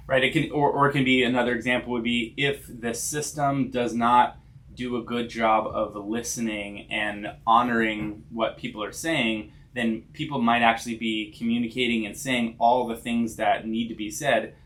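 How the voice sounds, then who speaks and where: A man with a mid-pitched voice co-hosts a podcast as a counselor. He explains ideas in a thoughtful, conversational way and often checks in with his listener. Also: level tone, normal speed, a bit bright. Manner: thoughtful, explanatory, tag questions. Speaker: podcast co-host, licensed counselor.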